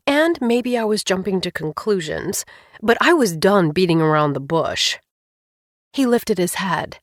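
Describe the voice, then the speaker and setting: Brief: female audiobook narrator, first person, mid-pitched, even and clear, dry close-miked sound. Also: a little slow, no echo.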